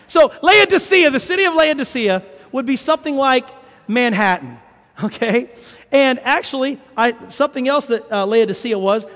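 High-voiced preacher in a reverberant hall. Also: male voice. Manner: animated storyteller, chatty asides to the congregation. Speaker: pastor. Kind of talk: conversational sermon with anecdotes.

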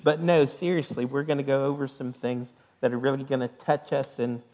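A man's voice: mid-range voice, fairly even intonation, fairly quick, a little mellow, poor audio. A man pastor giving church announcements and an offering sermon, punctuating his talk with "amen" and "hallelujah.". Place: church sanctuary.

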